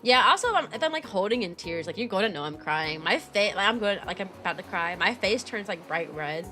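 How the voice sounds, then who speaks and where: A young woman talks in a casual, rambling way, full of fillers and restarts. Her voice is bright and clear, and it leaps upward now and then. Soft music plays faintly in the background. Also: lively intonation, brisk. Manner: rambling, filler-heavy storytelling with sudden high-pitched jumps. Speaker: VTuber streamer and kindergarten teacher. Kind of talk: casual chat stream.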